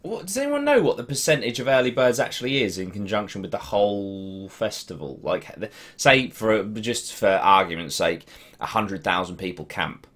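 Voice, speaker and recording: Deep-voiced laddish young Norwich man. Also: animated, moderate pace, fairly bright tone. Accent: English, Norwich. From Norwich, England. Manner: laddish, swearing banter. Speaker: streamer. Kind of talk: casual live-stream chat reading comments.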